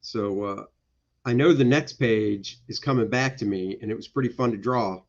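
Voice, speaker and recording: A man's voice: fairly low pitch, normal speed, lo-fi sound. A male comic book artist giving casual, jokey commentary on his pages during a livestream. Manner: playful, jokey, slips into goofy voices.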